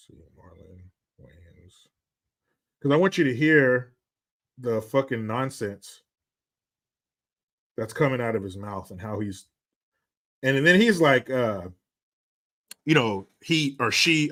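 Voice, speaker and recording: A man's voice: mid-range voice, animated, takes it slowly, long pauses, a bit bright. Blunt, swearing man ranting on his vlog. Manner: blunt, swearing, rambling with restarts and sarcastic asides. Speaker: vlogger. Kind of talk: profane casual commentary rant.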